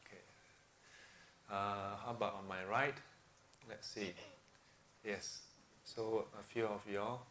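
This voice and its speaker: A man's voice: on the low side, steady tone, slow pace, pauses often, fairly bright tone, slight background noise. A man with a partly blocked nose, chatting casually and laughing often as he leads a weekly group in a room. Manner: chatty, laughs often, uses local English phrasing. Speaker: teacher leading a weekly group. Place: room with an audience.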